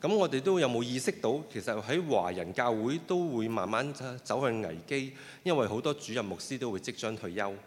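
A man interpreting a sermon phrase by phrase, often pausing with fillers and restarting his sentences. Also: mid-range voice, animated. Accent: Cantonese. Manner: hesitant, with frequent fillers and restarts. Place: church hall. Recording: long reverb of a hall.

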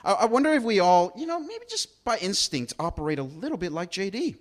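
Brief: male pastor, chatty sermon delivery, fairly high voice with a wide, lively pitch range. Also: fairly quick. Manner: conversational, acts out quotes, rhetorical questions.

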